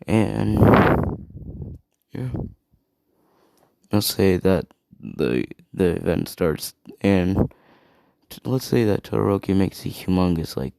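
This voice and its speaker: A man's voice: low-pitched, gravelly, warm tone. A man improvising a fan story in a rambling way, often losing his place, swearing, and checking in with "right?".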